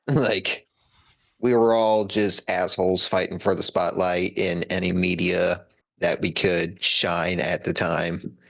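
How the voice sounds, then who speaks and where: Low gravelly man chatting on a podcast. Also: fairly bright tone. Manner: laid-back, self-deprecating, swears. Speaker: podcast co-host. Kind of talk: casual storytelling chat.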